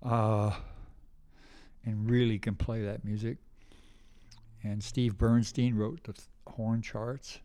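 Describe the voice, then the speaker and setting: An older male musician, appearing as a guest in a casual interview, tells rambling anecdotes and often imitates the voices of the people he quotes. His voice sits on the low side, mellow, with a flat delivery and a slow pace.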